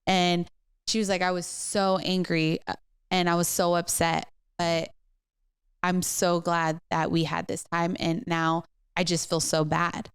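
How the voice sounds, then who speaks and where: Smooth-voiced woman pastor telling a story. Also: lowish voice, a little slow, dry recording, clean studio sound. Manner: animated storyteller, many fillers and restarts. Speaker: co-host pastor. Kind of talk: casual podcast chat, storytelling.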